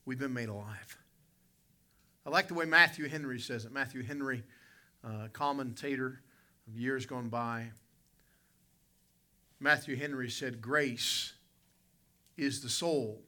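A man's voice: mid-range voice, unhurried, pauses often, sharp tone. A man preaching an evening sermon as pastor, telling a folksy, vivid personal story to his church congregation. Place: church sanctuary.

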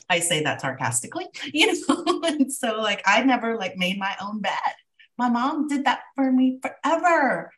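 A woman's voice: on the high side, sing-song, normal speed, fairly bright tone. Bubbly, self-mocking woman host, slightly distant mic. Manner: bubbly, laughs often, self-deprecating. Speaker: podcast host. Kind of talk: casual chat.

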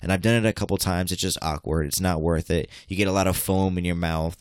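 Deep-voiced young man, crude rambling chat. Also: fairly even intonation, fast talker, dry recording, studio quality. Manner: rambling, crude, teasing questions. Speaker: podcast co-host. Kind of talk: casual chat.

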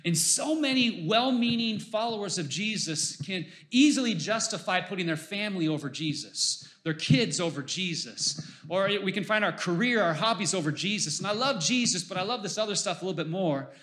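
A man's voice: sits high, animated, moderate pace, fairly bright tone, echoey room. A male pastor preaching a sermon to his congregation, emphatic and exhorting, his voice rising as he urges listeners on.

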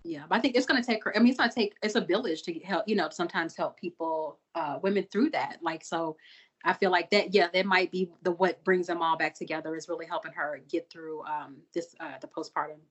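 A woman chatting casually on a group podcast, reflective, jumping high in pitch when quoting reactions. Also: a little fast, slightly rough. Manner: reflective, lifts her voice high for quoted reactions. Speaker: podcast co-host. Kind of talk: casual group chat about a TV episode. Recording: dull lo-fi sound.

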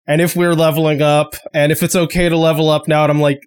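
Game master, casual narration, mid pitch, laughs a lot. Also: flat delivery, fast, clear, resonant tone.

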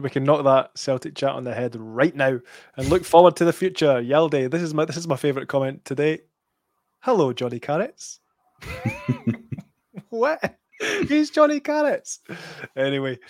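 A man's voice: medium pitch, dry recording, clean studio sound. A Scottish man co-hosting a football podcast, chatting casually and quizzing his friend with stats. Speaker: podcast co-host.

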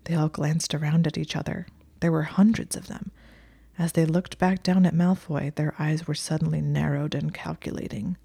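Woman reading a story out loud, low voice, kinda gravelly and husky, dry wry tone. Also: steady tone, moderate pace. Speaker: narrator. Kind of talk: storybook narration.

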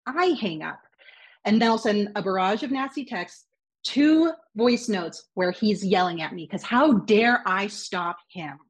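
A woman's voice: mid-range voice, breathy edge. A woman guest on a podcast, earnestly recounting a personal story and acting out quoted lines. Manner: earnest, with quick acted-out quotes.

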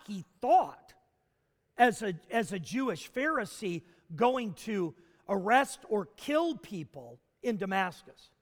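A man preaching a sermon as a pastor, asking the congregation questions and building to shouts. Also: extremely high pitch. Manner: animated preaching with rhetorical questions, rising to shouts. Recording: long hall reverb.

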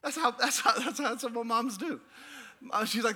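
High, bright-voiced preacher, animated and laughing. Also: male voice, measured pace. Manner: animated, laughing, playful asides. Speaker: pastor. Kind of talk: sermon. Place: church.

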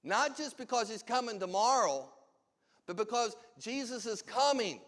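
A man's voice: extremely high pitch, lively intonation, moderate pace, a bit bright. A man preaching a sermon as pastor, emphatic and full of rhetorical questions. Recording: long hall reverb.

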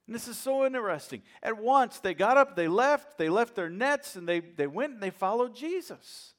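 A male pastor preaching a sermon in a church, swinging from loud emphasis to hushed asides and repeating phrases for weight. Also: sits high, animated, normal speed, hardly any pauses.

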